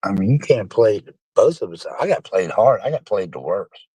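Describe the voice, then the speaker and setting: A man's voice: on the low side, expressive, moderate pace, mellow, slightly rough, no echo. Drawling, profane middle-aged man streaming. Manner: profane, drawling, addresses chat as folks. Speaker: live streamer. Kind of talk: casual rambling live-stream talk.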